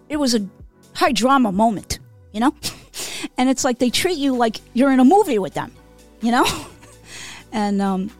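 A woman co-hosting a podcast, telling casual stories, swearing freely and laughing between lines. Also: mid-range voice. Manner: swears freely, laughs, lots of "okay?" and "you know". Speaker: podcast co-host. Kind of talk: casual storytelling.

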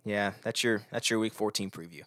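A young man co-hosting a podcast in casual chat, ranting in a rambling, energetic way with stammered restarts. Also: fairly low pitch, a little fast, heavy background noise. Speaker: podcast co-host.

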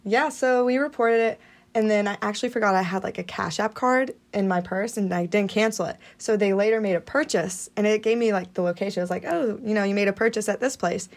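A woman's voice: medium pitch, brisk. A woman guesting on a podcast, telling a story in a giggly, laid-back way. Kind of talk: casual chat.

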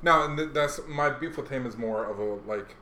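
A man's voice: mid-range voice, moderate pace, bright, forceful tone, slight background noise. A man chatting casually about rap music, rambling with many fillers and restarts. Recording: echoey room.

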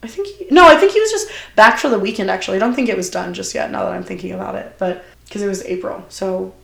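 Talking fast in a medium-pitched, creaky voice, a young adult woman guests on a podcast and chats animatedly. Her casual storytelling is packed with fillers and quoted asides, and the roomy space adds echo.

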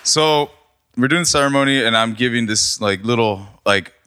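A man's voice: medium pitch, moderate pace, pushed and bright, smooth. A young man co-hosting a casual podcast, joking and telling a heartfelt story with casual swearing. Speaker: podcast co-host. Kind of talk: casual chat.

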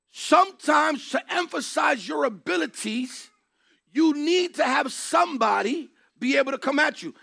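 A man preaching a sermon in an emphatic way, repeating key phrases and rising to shouts. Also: extremely high pitch, animated, measured pace, vocal fry.

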